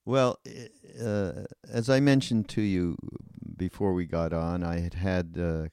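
Deep, mellow older male podcast host. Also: fairly even intonation, smooth, dry recording, studio quality. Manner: hesitant, many filler pauses. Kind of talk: conversational interview.

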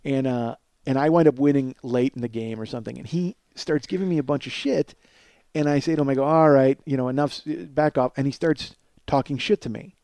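A man's voice: medium pitch, brisk, darkish tone, no echo. A man in his forties telling a long personal story in a casual, profane way, often laughing as he talks. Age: 40s. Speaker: podcast storyteller.

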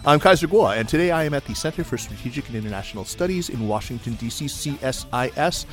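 A man's voice: medium pitch, lively intonation, fast talker, soft background music. A man hosting a podcast, giving an upbeat, emphatic introduction and chatting with his guests. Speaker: podcast host.

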